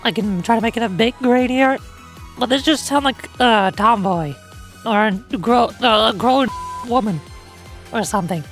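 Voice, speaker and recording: A woman streamer in casual chat who stammers and exclaims in an animated way. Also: a little high, normal speed, faint music behind.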